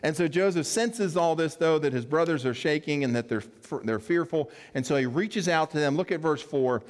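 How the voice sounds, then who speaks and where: A man preaching a sermon, telling the story in a lively way and acting out the quoted characters with playful asides. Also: fairly high pitch, moderate pace. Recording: long reverb of a hall.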